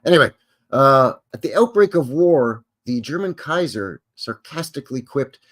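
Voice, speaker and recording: A man's voice: mid-range voice, expressive, normal speed, fairly bright tone. A man hosting a live stream, reading an article aloud and breaking off into casual, rambling asides full of fillers. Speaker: host. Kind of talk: reading aloud and commenting on a livestream.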